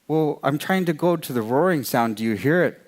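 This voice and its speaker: A man's voice: a little high, expressive, fairly quick, voice pushed up, close to an everyday voice. Storybook mouse, male, timid and wondering, earnest questions; a male storyteller voices him. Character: small timid curious male mouse on a journey.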